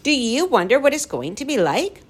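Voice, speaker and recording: A woman's voice: high voice, big pitch swings, fairly quick, slightly rough, voice pushed up, exaggerated voice. A woman doing an eager young boy. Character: brave young boy keeping up chatter.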